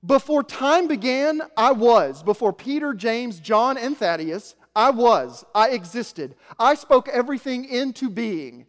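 A man voicing God as an almighty creator, speaking in slow, solemn declarations. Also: expressive. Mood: majestic. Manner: slow, booming, measured declarations. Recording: echoey hall.

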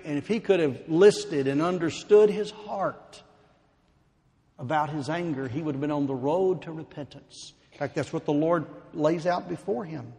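A man preaching a sermon, slow and emphatic, building to fervent pleading. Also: fairly high pitch, gravelly, warm tone. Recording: long hall reverb.

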